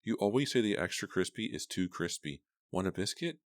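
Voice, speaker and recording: A man's voice: on the low side, expressive, a little fast, no room sound, studio quality, pitched above the performer's own voice, close to an everyday voice. Man doing a weary pleading mother. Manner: pleading and soothing. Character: anxious, weary middle-aged mother.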